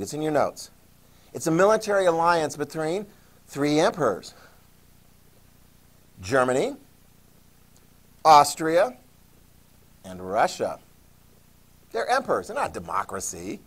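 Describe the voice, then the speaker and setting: A man lectures a history class with a lively, swooping voice that sits a little high. He keeps it jokey and acts out the people he talks about in short quoted bits. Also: normal speed, pauses often. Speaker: history teacher.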